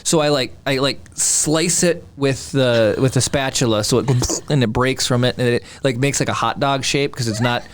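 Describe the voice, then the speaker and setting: A man's voice: mid-range voice, moderate pace, hardly any pauses, a little hiss or hum. A man in his thirties, co-hosting a podcast, telling a rambling home story in casual chat with many restarts. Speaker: podcast co-host.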